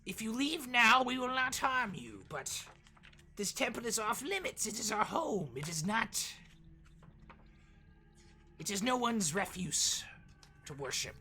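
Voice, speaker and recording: A man's voice: very high-pitched, measured pace, long pauses, sharp tone, voice pushed up, exaggerated voice. A man voicing a cold, menacing hooded creature that guards a temple in a tabletop game. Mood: threatening.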